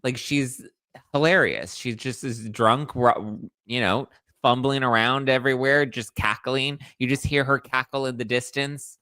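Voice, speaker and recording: A man's voice: medium pitch, unhurried, sharp tone, clear, resonant tone, dry recording, studio quality. A man hosting a podcast, chatting casually and sarcastically about politics. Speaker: podcast host.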